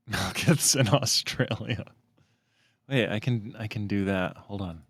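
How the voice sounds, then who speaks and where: A man's voice: fairly low pitch, slow pace, fairly bright tone, breathy edge, no echo, studio quality. A man hosting a casual chat show, talking in a rambling, self-mocking way. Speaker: host.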